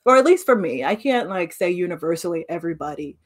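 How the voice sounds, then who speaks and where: A fast-talking woman in her late thirties with a fairly low-pitched voice co-hosts a podcast. Chatting casually, she tells animated stories and acts out the voices she quotes.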